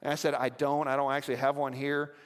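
Preaching in a church's large hall, this male pastor tells his stories in a conversational style, turning aside now and then to address the congregation. His medium-pitched delivery is flat and fast.

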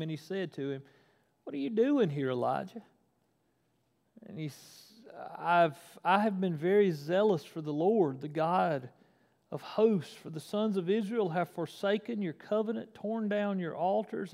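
A man with a fairly high voice preaches and reads scripture aloud, swinging between hushed passages and loud, emphatic bursts. He often restarts his sentences as he goes. His voice carries a long reverberant tail in a hall. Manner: animated, rising loud for emphasis, frequent restarts. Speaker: pastor. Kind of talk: sermon with scripture reading.

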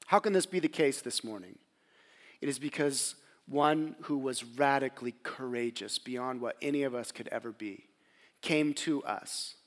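A man's voice: medium pitch, moderate pace. A man preaching a sermon, dramatic, acting out biblical voices and dropping to a near whisper at tender moments. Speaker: pastor.

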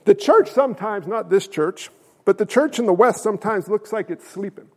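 A man preaching a sermon to his congregation, asking rhetorical questions, swinging between quiet asides and shouted emphasis, and sounding winded. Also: high-pitched, animated, moderate pace. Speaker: pastor. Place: church sanctuary.

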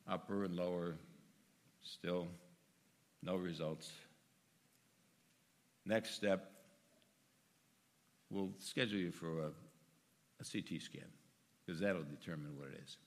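An older man giving a personal testimony to his congregation, telling the story earnestly and moving between quiet and loud, emphatic passages. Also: sits low, slow, pauses often, long reverb tail. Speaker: church member speaking to his congregation. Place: church sanctuary.

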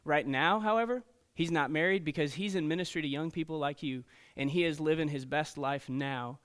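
A man preaching to teenagers as a youth pastor, telling stories in an animated way and checking in often with "okay?" and "right?". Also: a little high, a little fast, clear, resonant tone. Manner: storytelling, animated, frequent "okay?" and "right?" asides. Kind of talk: sermon to teenagers.

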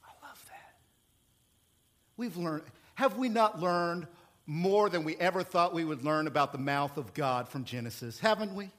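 A male pastor preaching a sermon in an animated, playful way, with sudden jumps in pitch and volume. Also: normal speed.

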